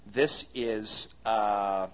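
A man's voice: fairly low pitch, fairly even intonation, drawn-out words, a bit bright. A man preaching a sermon to his congregation in a folksy, conversational way, with many fillers and asides. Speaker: pastor. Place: church hall before a congregation.

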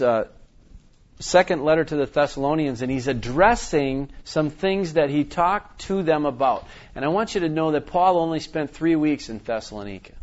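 A middle-aged pastor preaching a sermon, reading scripture slowly and with emphasis, then explaining in a relaxed, conversational way. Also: male voice, medium pitch, lo-fi sound.

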